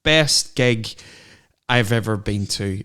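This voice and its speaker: Smooth-voiced middle-aged man telling stories. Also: lowish voice, takes it slowly. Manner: animated anecdotal storytelling. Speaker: podcast co-host. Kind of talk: casual chat.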